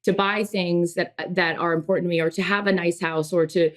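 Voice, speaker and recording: A woman's voice: lowish voice, steady tone, fairly quick. A woman in her thirties co-hosting a podcast, talking in an emotional, rambling way with many restarts. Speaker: podcast co-host. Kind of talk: casual podcast chat.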